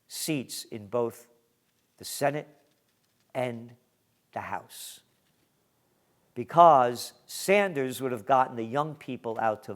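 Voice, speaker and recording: A man hosting a news commentary monologue, reading headlines and adding emphatic, sarcastic asides. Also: mid-range voice.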